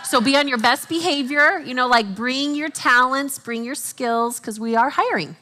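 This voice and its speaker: Bright-voiced woman teaching from stage. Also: sits high, normal speed. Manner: animated, quotes herself and others in acted voices; jokes with the audience. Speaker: conference speaker. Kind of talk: Christian conference teaching.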